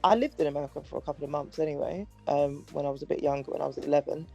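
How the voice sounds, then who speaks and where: A woman co-hosting a casual chat, calmly explaining and steering the conversation. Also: low-pitched, rapid-fire, vocal fry, breathy edge. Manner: calm, explains at length, steers the talk. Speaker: podcast co-host. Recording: faint music behind.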